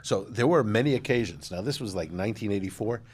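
Husky low-voiced new guy in his 60s, storytelling in an interview, lots of "you know"s. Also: animated, quick pace, darkish tone. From Manhattan, New York. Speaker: guest, restaurateur.

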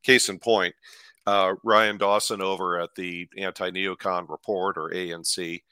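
A man's voice: deep voice, little pitch movement, unhurried, sharp tone, clean tone, no room sound. A man hosting a podcast with political commentary, talkative and rambling with many fillers and restarts.

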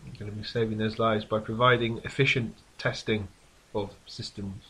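A man's voice: lowish voice, flat delivery, moderate pace, a bit bright, breathy edge. A man co-hosting a casual podcast chat, teasing his friend and often repeating words as he goes. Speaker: podcast co-host.

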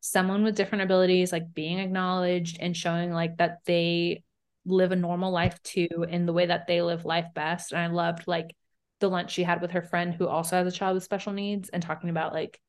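A woman co-hosting a casual recap podcast, with a slightly low voice. She talks fast and loose, fills everything with "like", and keeps acting out quotes. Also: flat delivery, clear, resonant tone. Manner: chatty, lots of "like", acts out quotes. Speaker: podcast co-host.

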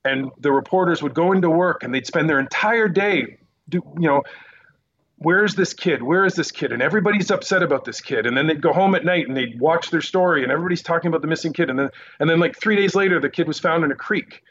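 Man, news correspondent, animated anecdotes, quick asides, casual interview, dull lo-fi line. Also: fairly high pitch, a little hiss or hum. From Quebec Eastern Townships, Canada. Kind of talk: casual podcast interview storytelling.

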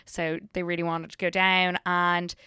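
A young Irish woman with a south Dublin lilt chats freely as a guest, peppering her stories with "like" and quick laughs. Her voice is bright and crisp, recorded close in a dry space. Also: on the low side, monotone, no echo. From Ireland. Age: 20s. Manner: chatty, laughs often, fillers of "like". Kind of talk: casual chat.

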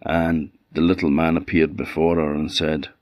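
A man with an Orkney accent telling a folk tale in an unhurried, conversational way. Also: very deep voice, little pitch movement, dry recording, studio quality. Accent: Orkney Scots. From Orkney, Scotland. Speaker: storyteller. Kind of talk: oral folk storytelling.

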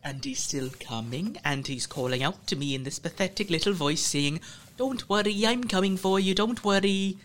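A man's voice: high-pitched, expressive, normal speed, a bit bright, pitched above the performer's own voice. A man voicing a cruel, chatty trickster ranger who tells stories gleefully and slips into other people's voices. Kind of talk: audio drama acting.

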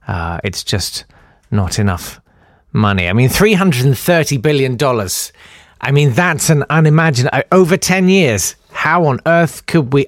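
A man's voice: mid-range voice, animated, normal speed, dry recording, studio quality. A man hosting a comic news podcast, sarcastic and rambling with lots of ums. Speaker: podcast host.

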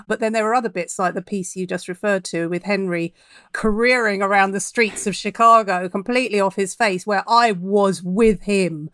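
A woman's voice: mid-range voice, fairly even intonation, moderate pace, fairly bright tone, no echo. A woman speaking as a podcast guest about her craft. She talks in a chatty, reflective way and laughs easily. The sound is close and dry, with no room around it. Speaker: author guest. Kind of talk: podcast interview.

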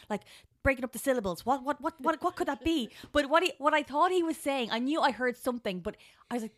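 Bright-voiced Irish woman co-host. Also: high voice, fast talker. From Ireland. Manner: animated storytelling, acting out quoted voices. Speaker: podcast co-host. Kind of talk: casual chat.

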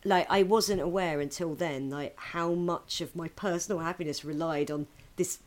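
A woman co-hosting a podcast in casual chat, animated and swearing freely with frequent laughter. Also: on the low side, normal speed. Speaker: podcast co-host.

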